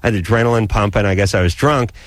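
A man on a radio call-in show, telling a rambling story in a casual, animated way and laughing as he goes. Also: lowish voice, fast talker, no room sound. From Los Angeles area.

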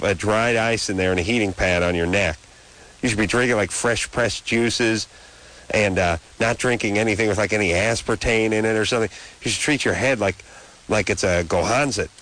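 A man's voice: fairly low pitch, fairly bright tone, low-quality recording. A man in his thirties hosting a late-night radio call-in show, ranting in long, opinionated riffs. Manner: rambling, opinionated rants. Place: radio studio. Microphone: studio microphone.

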